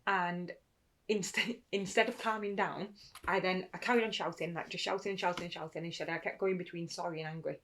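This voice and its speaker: A young woman co-hosts a casual podcast chat and talks very fast. She tells her stories with energy and acts out the voices of the people she quotes. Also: fairly low pitch, slight background noise. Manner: animated storytelling, acts out quotes. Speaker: podcast co-host.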